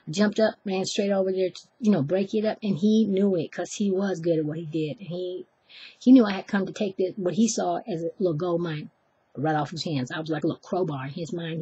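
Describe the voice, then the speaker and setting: Husky woman telling a story. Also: lowish voice. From Oakland, California. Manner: chatty, animated, acts out voices, self-deprecating asides. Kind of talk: live personal storytelling.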